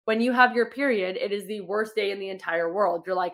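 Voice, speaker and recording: A woman's voice: medium pitch, fairly even intonation, quick pace, hardly any pauses. A young woman coaching her fitness clients in casual podcast talk, upbeat and encouraging, with many fillers. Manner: chatty, says "like" a lot.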